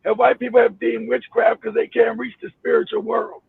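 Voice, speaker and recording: A hoarse man, his voice nearly gone, chatting casually and teasing his co-host on a radio-style show. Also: very high-pitched, sing-song, a little fast. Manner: teasing, blunt. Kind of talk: casual chat. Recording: tinny phone-like line with faint noise.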